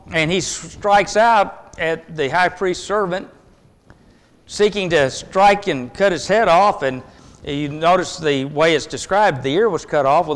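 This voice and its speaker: Male preacher, fairly high voice, earnest and emphatic, long reverb behind him. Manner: earnest, emphatic, swings between loud and hushed. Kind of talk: sermon.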